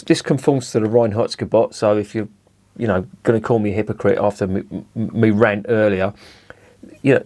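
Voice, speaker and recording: A middle-aged man with a fairly low voice talks casually through a beer review. He is blunt and sweary, ranting as he goes and leaning on "you know" between thoughts. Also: darkish tone.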